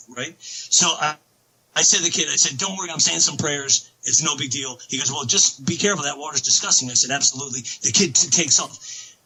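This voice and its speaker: A man telling a long story as a podcast guest, excitable and rambling, with many restarts. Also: on the high side, rough recording. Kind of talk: casual storytelling.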